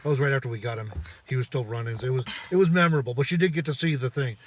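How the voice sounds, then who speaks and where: Fast-talking man telling a story. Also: mid-range voice. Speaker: co-host. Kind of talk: casual chat.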